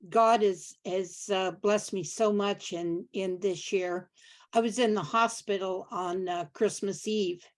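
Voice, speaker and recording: A woman speaking up over a video call at a mid pitch. She tells her story with devout enthusiasm, lively and expressive, voicing the people in it as she goes. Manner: enthusiastic, devout, acts out quoted dialogue. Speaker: audience member. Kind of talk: personal storytelling in a Q&A.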